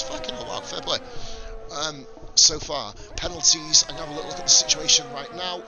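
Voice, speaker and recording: A man giving live, sweary, excitable commentary on a sim-racing league, chatting with his viewers between calls. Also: high-pitched, fairly quick, over music.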